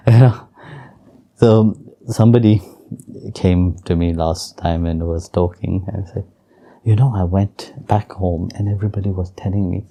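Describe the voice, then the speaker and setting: A man telling a devotional story in an interview and teaching with gentle, chuckling warmth and simple, non-native phrasing. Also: deep voice, fairly even intonation, unhurried. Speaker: spiritual teacher.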